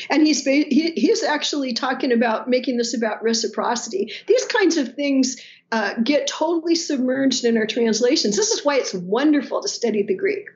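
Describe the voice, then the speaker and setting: Woman, higher voice, animated, laughing often, dull lo-fi remote audio. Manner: animated, laughing, quotes voices while explaining. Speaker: New Testament scholar guest. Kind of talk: podcast interview.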